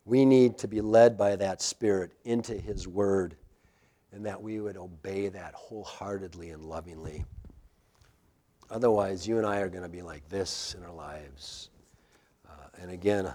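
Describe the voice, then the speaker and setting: A middle-aged man preaching a sermon, telling a story with lively swings between loud bursts and quiet asides. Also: sits low, unhurried. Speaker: pastor.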